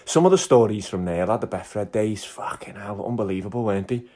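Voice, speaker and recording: A man's voice: lowish voice, brisk, dark tone. A man, reminiscing in a laid-back, sweary casual chat. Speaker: podcast co-host.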